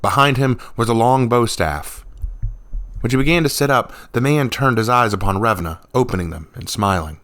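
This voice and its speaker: A man reading a fantasy story aloud in a measured, even narration. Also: sits low, gravelly, no echo.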